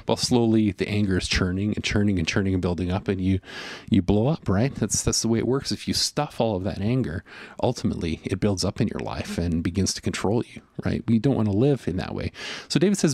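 This pastor's voice sits on the low side with a darkish tone, lively intonation and a brisk pace. He preaches earnestly and conversationally, filling his sermon with fillers and voiced inner monologue, recorded without echo.

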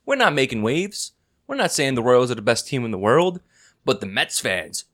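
Loud, argumentative man hosting a podcast. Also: medium pitch, very animated, normal speed. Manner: loud, argumentative, swears a lot. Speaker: podcast host. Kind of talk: casual chat.

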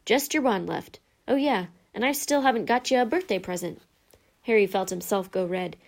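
A woman reader voicing a gruff, big-hearted giant groundskeeper who drops his g's and talks in a hearty, folksy way. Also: mid-range voice, normal speed, natural voice. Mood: kindly.

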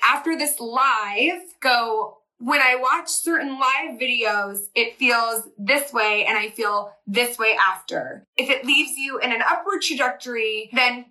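A woman host and business coach giving a fast, chatty live-stream pep talk and reading viewer comments aloud. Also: a little high, sharp tone, rough recording.

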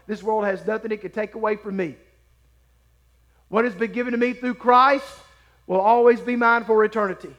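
High-pitched man preaching with emphasis. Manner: emphatic preaching, swells on key words and drops to quiet asides. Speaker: pastor. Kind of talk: sermon.

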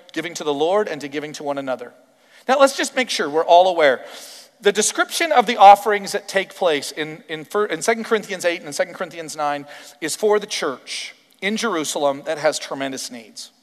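A Canadian man preaching a sermon as pastor, emphatic and animated, firing off rhetorical questions. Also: on the high side, long reverb tail.

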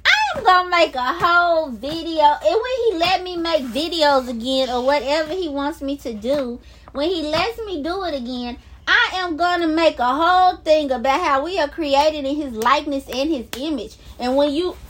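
A woman vlogging into her phone, talking excitedly about her faith, gushing in drawn-out exclamations and half-singing her praise. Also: high voice, slight background noise. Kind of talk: excited casual vlog talk about faith.

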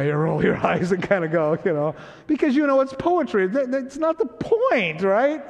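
A man's voice: high voice, sing-song, quick pace. A man preaching a sermon as pastor, conversational and teasing, often checking in with his congregation. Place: church sanctuary. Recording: long hall reverb.

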